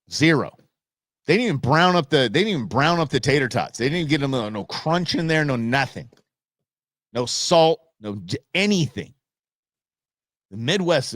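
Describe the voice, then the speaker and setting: A man hosting a live stream show, ranting and joking in a casual, animated way. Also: a little high, no room sound, studio quality. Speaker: host. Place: Phoenix.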